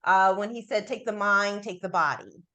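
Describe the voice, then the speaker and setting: A woman guest in a casual interview, talking in an animated way with frequent laughter and many fillers. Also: mid-range voice, normal speed. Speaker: guest entrepreneur coach.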